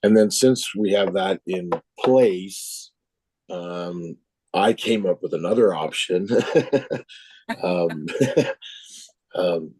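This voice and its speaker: A man's voice: sits low, slow, a little mellow, dry recording, low-quality recording. A town councillor, a man losing his voice, talking casually and with laughs in a council meeting. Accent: Canadian. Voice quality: hoarse. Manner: casual, laughs often, rambling. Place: council chamber.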